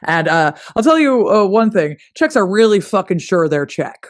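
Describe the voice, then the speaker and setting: A man co-hosting a casual history chat, animated and joking, often swearing and acting out little voices. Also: sits high, moderate pace, no echo, studio quality. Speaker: podcast co-host. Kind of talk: casual conversational discussion. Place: lives in the UK.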